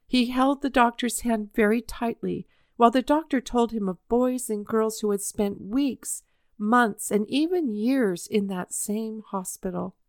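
A woman reading a children's story aloud in a measured, expressive way. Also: on the high side, no echo, studio quality.

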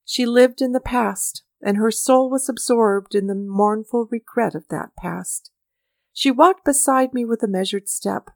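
Woman narrator, measured, mournful, gravelly voice, dry close recording. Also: fairly high pitch, darkish tone, no room sound. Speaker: audiobook narrator. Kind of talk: scripted narration.

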